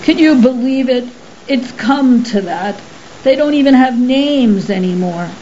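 A woman reading an audiobook, voicing a huge, lonely, rough-spoken male creature who talks bluntly and loudly. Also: high-pitched, lively intonation, a little slow, voice pushed up. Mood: exasperated. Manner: blunt, exasperated, loud. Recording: slightly muffled with faint hiss.

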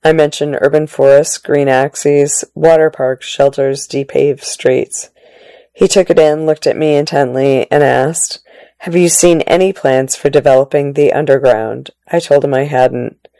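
A woman narrating magazine articles aloud in a measured, plain reading style with occasional restarts. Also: low voice, steady tone, dark tone, no echo.

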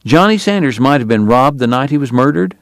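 A man voicing a stubborn, plainspoken grown man who talks bluntly and deliberately. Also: medium pitch, animated, dry recording, pitched above the performer's own voice, close to an everyday voice. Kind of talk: audiobook character voice.

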